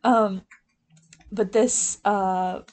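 A woman's voice: medium pitch, fairly even intonation, extremely slow, darkish tone. Young woman on a podcast, snarky and giggly, swears a lot while recapping a show. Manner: sarcastic, giggly, swears freely. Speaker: podcast co-host. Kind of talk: casual TV recap chat.

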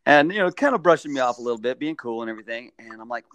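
A man's voice: a little high, fast, dry recording. A man hosting a casual chat, telling stories from his time as a sports mascot. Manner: chatty, animated storyteller.

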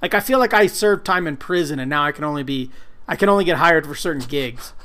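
A man talks loosely on a podcast, rambling, cursing freely and running himself down. His voice sits a touch high for a man. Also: expressive, fast, sharp tone. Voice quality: rambling, profane, self-deprecating. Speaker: podcast co-host, comic colorist. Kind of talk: casual podcast chat.

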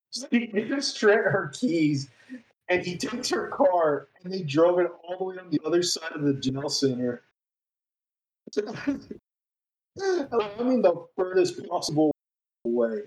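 A man's voice: a little high, very animated, measured pace, a little mellow. Laughing, swearing storyteller man in an echoey room. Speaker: podcast co-host. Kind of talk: casual storytelling chat.

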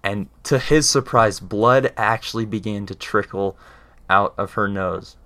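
A man's voice: fairly low pitch, measured pace, a bit bright, dry recording. A man in casual explanatory talk, earnest, often checking in with his listener as he explains. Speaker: speaker explaining faith.

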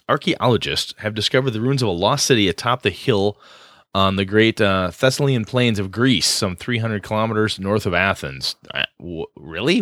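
A man's voice: fairly low pitch, a bit bright, no echo, clean studio sound. A man co-hosting a tabletop gaming podcast, rambling enthusiastically with lots of fillers. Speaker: podcast co-host. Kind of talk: casual podcast chat.

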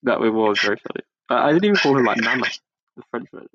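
A man's voice: mid-range voice, lively intonation, fast talker, a bit bright, highs cut off. A man co-hosting a podcast, telling rambling school anecdotes with frequent giggles. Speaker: podcast co-host. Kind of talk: casual chat.

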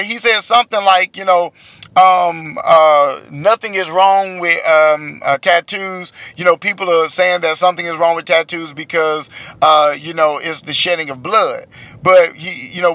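A man's voice: high-pitched, bright, forceful tone, no room sound. Chatty man ranting from his car. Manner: rambling, exasperated, heavy fillers. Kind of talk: casual chat.

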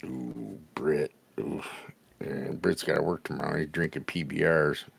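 A man's voice: a bass voice, level tone, measured pace, vocal fry, husky. A man co-hosting a casual podcast, trading crude, profane banter and laughing often. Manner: former bar-band musician. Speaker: podcast co-host. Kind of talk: casual chat.

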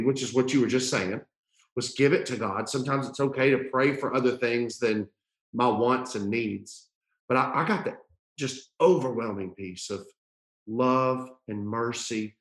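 A man with a fairly low voice tells a personal story in a casual, earnest way, stopping and restarting often. His voice rings in a roomy, echoey space. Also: normal speed, a bit bright. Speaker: podcast host. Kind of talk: casual conversation.

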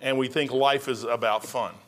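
An older man preaching a sermon as pastor, plain-spoken and folksy, building to loud outbursts. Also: medium pitch, fairly even intonation, normal speed.

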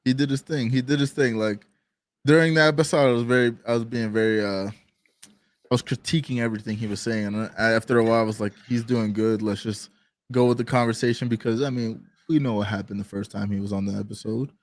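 A man's voice: lowish voice, steady tone, fast. A man co-hosting a podcast in casual chat, slangy and laid-back, often trailing off mid-sentence. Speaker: podcast co-host.

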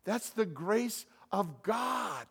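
A man preaching a sermon as pastor, animated, swinging between loud emphasis and quiet asides. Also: sits high, drawn-out words, slightly rough.

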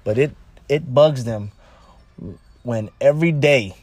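A man talking casually and bluntly about dating, animated and repetitive, jumping higher when he quotes people. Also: slow pace, dry recording. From California, United States. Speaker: relationship advice talker. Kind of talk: casual monologue.

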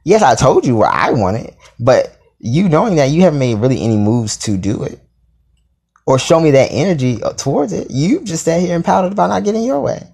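A man telling a story in a casual, sassy and profane way, with dramatic asides and sudden jumps into a high voice. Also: big pitch swings, fairly quick, gravelly, a little mellow, husky.

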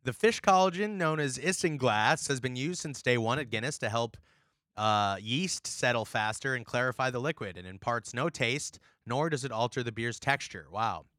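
A man's voice: mid-range voice, moderate pace, a bit bright, no echo, clean studio sound. A man co-hosting a casual podcast over a call, joking and reading an article aloud with playful emphasis. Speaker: podcast co-host. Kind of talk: casual chat. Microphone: remote call mic.

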